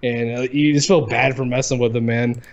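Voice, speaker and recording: A man's voice: mid-range voice, steady tone, fairly quick, creaky. A man in his thirties co-hosting a live gaming show, chatting casually, swearing often and laughing as he rambles. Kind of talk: casual chat.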